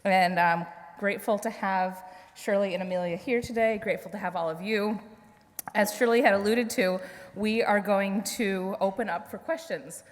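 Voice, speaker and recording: A woman's voice: medium pitch, normal speed. Woman hosting an event Q&A. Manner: friendly, thankful, with fillers. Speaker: event host, committee chair. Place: event hall. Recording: echoey hall with audience, faint hiss.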